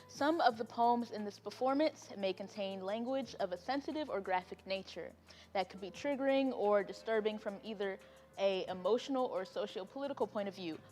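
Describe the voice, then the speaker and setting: A woman's voice: fairly high pitch, long reverb tail. A woman hosting an online poetry event in a chatty, casual way, with laughing asides and fillers. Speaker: host. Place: home, on a video call.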